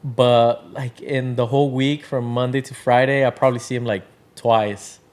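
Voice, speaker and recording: A man's voice: mid-range voice, fairly even intonation, normal speed, a little mellow. A man chatting casually as a podcast guest, rambling with lots of fillers and acting out quotes from other people. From Washington state, Tri-Cities area. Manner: loose, filler-heavy storytelling with acted-out quotes. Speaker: podcast guest, drink brand founder.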